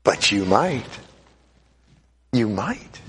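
A man giving a classroom lecture to an audience, animated and urging, repeating himself as he runs a live demonstration and acts out voices. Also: fairly low pitch, drawn-out words, a little hiss or hum.

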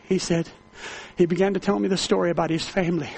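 High-voiced, gravelly man preaching a testimony. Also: fairly even intonation, fast talker, darkish tone. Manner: fervent, emotional storytelling with repeated phrases. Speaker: prison minister. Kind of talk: testimony sermon.

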